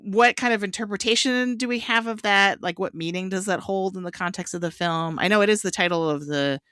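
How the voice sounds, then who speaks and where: Film podcast host, bright tone, moves the talk along with questions, dry close sound. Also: mid-range voice, a little fast, clean tone, no echo. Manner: steers discussion with questions. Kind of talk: casual film-discussion chat.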